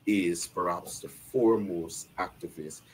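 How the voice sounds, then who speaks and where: A man's voice: low voice, unhurried, darkish tone, a little hiss or hum. A male talk show host wrapping up a live interview, speaking formally with long, emphatic, winding sentences.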